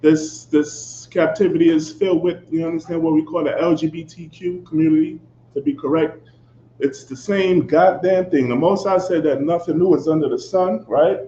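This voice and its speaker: A man's voice: fairly high pitch, fairly even intonation, moderate pace, mellow. A man preaching a fiery, confrontational sermon, swearing and asking "you understand?" after nearly every phrase. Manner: fiery and profane. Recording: echoey, dull lo-fi recording with faint background noise.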